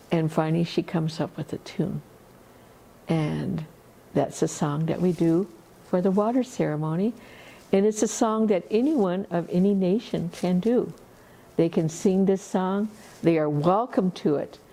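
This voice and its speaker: A woman telling a story at a festival in an unhurried, conversational way, full of asides. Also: fairly low pitch, vocal fry, dark tone. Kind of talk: oral storytelling.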